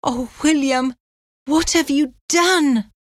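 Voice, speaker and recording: A woman's voice: a little high, measured pace, no echo, studio quality, voice pushed up, close to an everyday voice. Woman reading as an anxious young woman. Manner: anxious, pleading. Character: young woman worried for her brother.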